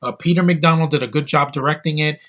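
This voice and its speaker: A man's voice: fairly high pitch, fast, a bit bright, highs cut off. A man in his thirties talking through a DVD haul in a casual vlog, blunt and opinionated, rambling with crude outbursts. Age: 30s. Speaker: YouTube reviewer.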